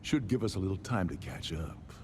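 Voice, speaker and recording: A man's voice: low voice, animated, a little mellow, slight background noise. An actor playing a sardonic older man, a jailed former ship captain, in game dialogue. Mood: wry resigned. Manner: wry, sardonic, measured. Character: older male jailed ex-captain, dry and resigned.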